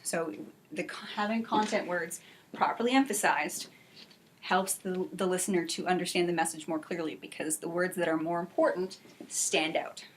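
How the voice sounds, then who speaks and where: A woman teaching an English class for adult learners, speaking clearly and encouragingly, and modeling example sentences slowly. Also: on the low side, fairly even intonation, slight background noise. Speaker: ESL teacher.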